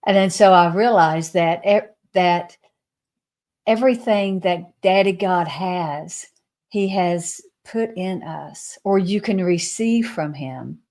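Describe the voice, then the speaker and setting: A woman guest sharing a spiritual vision in an earnest storytelling way, often dropping to a soft, slow hush. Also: on the low side. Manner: soft, hushed and slowed when quoting; earnest, with fillers and restarts.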